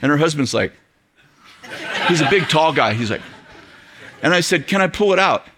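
A middle-aged man preaching to a church audience, telling a story in an animated way, acting out quoted voices and laughing often. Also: fairly high pitch, normal speed, noisy background. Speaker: pastor. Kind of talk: storytelling sermon.

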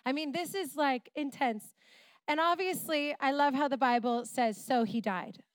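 A middle-aged woman preaching a sermon in church, retelling a story with playful asides and animated energy. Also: high-pitched, normal speed. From Canada.

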